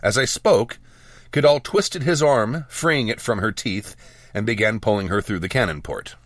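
Low-voiced man narrating a fantasy audiobook. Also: normal speed, fairly bright tone, no echo.

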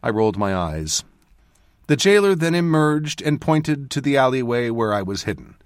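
A man's voice: moderate pace, smooth, dry recording. This is a male narrator telling a fantasy story in a scripted reading style. His voice rises and falls a great deal as he moves between characters. The recording is dry and close, with no room sound. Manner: voices characters with lively shifts in pitch and loudness. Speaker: audiobook narrator.

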